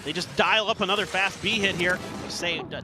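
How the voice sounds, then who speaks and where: A man's voice: high voice, fairly quick, music in the background. A man giving conversational, analytical esports color commentary.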